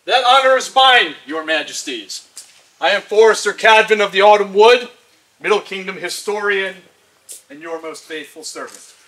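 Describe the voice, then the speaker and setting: A man's voice: high voice, animated, moderate pace, bright, forceful tone. A man reading a formal ceremonial oration, declamatory as he lists honors. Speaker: historian speaking at a ceremony. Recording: echoey and distant.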